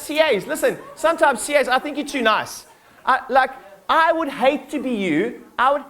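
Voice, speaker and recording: A man giving a live keynote talk to his staff at a company conference, energetic and blunt, swearing casually and acting out little scenes. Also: very high-pitched. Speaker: business owner addressing his staff.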